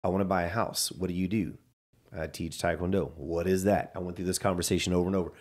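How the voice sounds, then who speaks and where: A man's voice: low voice, steady tone, fast talker, darkish tone. A man telling a personal story in casual chat, acting out the dialogue he quotes.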